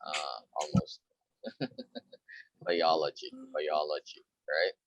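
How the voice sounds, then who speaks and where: A man tutoring English speaking over a call, patiently correcting pronunciation and repeating words slowly. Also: a bass voice, little pitch movement, fairly bright tone, slight background noise, low-quality recording. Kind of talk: one-on-one pronunciation coaching.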